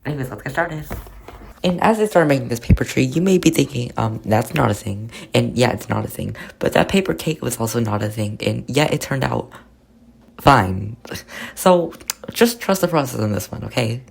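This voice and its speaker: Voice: mid-range voice, expressive, normal speed, gravelly, slight background noise. A crafting vlogger narrating their own paper project in a rambling, chatty, self-mocking way. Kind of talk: casual narrated crafting vlog.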